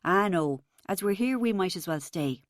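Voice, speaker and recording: A woman's voice: fairly low pitch, lively intonation, normal speed, dry recording, clean studio sound, lightly acted. A woman reading an audiobook, voicing an eager, easygoing young man. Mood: breezy. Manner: eager, breezy. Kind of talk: audiobook character voice.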